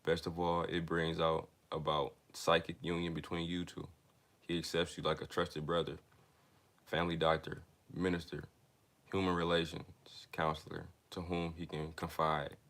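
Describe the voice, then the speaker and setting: In a low, fairly bright voice with a completely flat delivery, a young man works through a self-help book aloud. He stumbles and restarts words, breaking off now and then for casual asides to his listeners.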